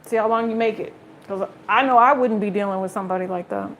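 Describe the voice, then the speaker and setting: A woman's voice: mid-range voice, fast, a little hiss or hum. A woman giving a casual tarot reading straight to her viewers, blunt and chatty, swearing freely. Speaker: tarot reader.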